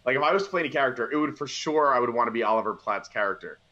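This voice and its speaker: A man in casual conversation, rambling and animated as he retells scenes from a movie. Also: medium pitch, racing, lo-fi sound. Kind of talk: casual movie review chat.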